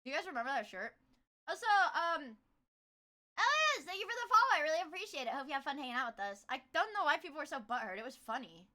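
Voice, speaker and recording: Young woman streamer, high bright voice, rambly casual chat, swears a lot. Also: big pitch swings, quick pace. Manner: rambling, swearing, loud bursts of laughter.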